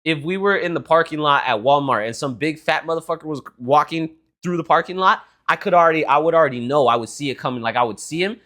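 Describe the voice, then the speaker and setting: A man's voice: a little high, fast, hardly any pauses. A young man co-hosting a podcast, telling stories in casual chat with lots of swearing and acting out other people's lines. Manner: animated storytelling with lots of swearing; acts out his dad's lines in quoted voices. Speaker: podcast co-host.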